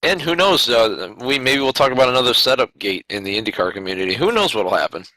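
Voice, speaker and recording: A man's voice: medium pitch, lively intonation, quick pace, sharp tone, no room sound, low-quality recording. A man co-hosting a podcast preview, making sarcastic wisecracks in casual chat. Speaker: podcast co-host.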